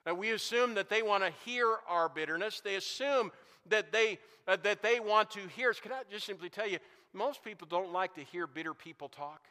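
Man, pastor, sermon, high bright voice, long church reverb. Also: a little fast. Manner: preaching with rising emphasis and repeated phrases. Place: church sanctuary. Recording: long reverb of a large hall.

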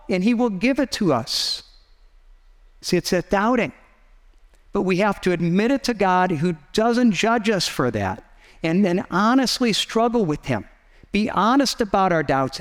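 A man's voice: high-pitched, big-room sound. A man preaching a sermon as pastor, earnest and conversational, with frequent restarts and asides.

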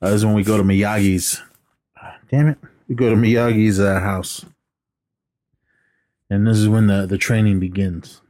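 A man's voice: lowish voice, fairly even intonation, normal speed, pauses often, a little mellow. A man co-hosting a podcast, recapping films in casual chat with lots of fillers and quoted lines. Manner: rambling and hesitant, full of fillers, acting out film lines. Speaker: podcast co-host.

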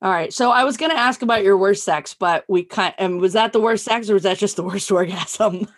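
A woman's voice: medium pitch, brisk. A woman hosting a podcast, asking candid questions and teasing her guest with lots of laughter. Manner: teasing, giggly interviewer. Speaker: podcast host. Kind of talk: casual chat.

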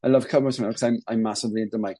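A man with a Welsh accent, a former band drummer, telling rambling, excitable stories as a podcast guest. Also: on the low side, racing, slightly rough, dry recording, rough recording. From Wales. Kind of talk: casual podcast chat.

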